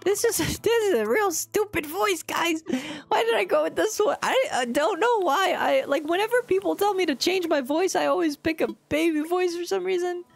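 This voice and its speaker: Chatting through a video game livestream, a woman puts on a cutesy baby voice, playing a baby-talking little girl and giggling at how silly it sounds. Her high, babyish voice has a gravelly edge, and she talks at a moderate pace with hardly any pauses.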